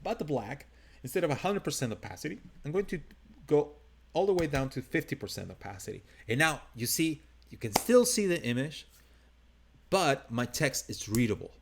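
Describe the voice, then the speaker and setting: A man's voice: on the high side, sing-song, normal speed, vocal fry, a little hiss or hum. A man with a non-native English accent teaching a live design tutorial, talking casually and thinking aloud as he works. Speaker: design instructor.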